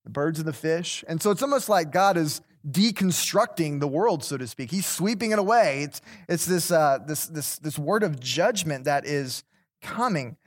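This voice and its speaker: A man's voice: on the high side, lively intonation, normal speed. A man teaching an interactive Bible class, talking conversationally, repeating words and putting questions to the group.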